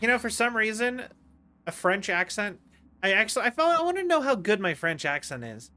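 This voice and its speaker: A man's voice: high-pitched, sing-song, a little fast, bright, forceful tone. A man streaming a video game, rambling and chatting with viewers and laughing a lot. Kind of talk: casual gameplay commentary.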